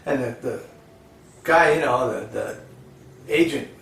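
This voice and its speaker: A man's voice: mid-range voice, measured pace, vocal fry, fairly bright tone. A man casually telling old jokes in a rambling, folksy way, full of fillers. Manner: rambling, folksy, lots of "you know". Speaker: joke teller. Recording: echoey, distant, faint crowd and noise.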